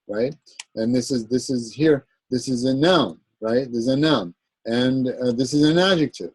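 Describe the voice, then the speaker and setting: A man with a husky, slightly breathy voice gives a classroom lecture on Arabic grammar. He explains step by step and keeps checking in with his students. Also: medium pitch, darkish tone, no room sound, rough recording. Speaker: Arabic teacher.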